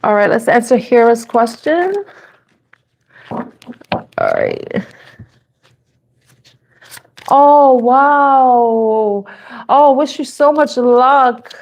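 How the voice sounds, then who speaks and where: Giggly slow-talking woman tarot reader. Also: fairly high pitch, wildly swooping pitch, a little mellow. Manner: giggly and playful, laughs often; repeats questions slowly while shuffling. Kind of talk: live-stream tarot reading, casual chat. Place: office.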